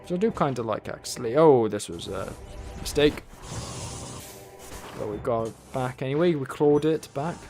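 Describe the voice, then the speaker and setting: A man's voice: medium pitch, lively intonation, normal speed, a little mellow. Male game streamer, casual wry self-talk while playing, faint music underneath. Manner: rambling, wry, talks to himself and the game. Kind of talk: casual gameplay commentary.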